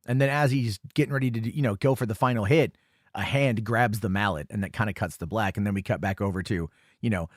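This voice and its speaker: A man's voice: on the low side, fast talker, no echo, studio quality. A man hosting a film commentary podcast, recapping the plot in a loose, rambling way with many fillers and self-corrections. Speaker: podcast host reviewing a film.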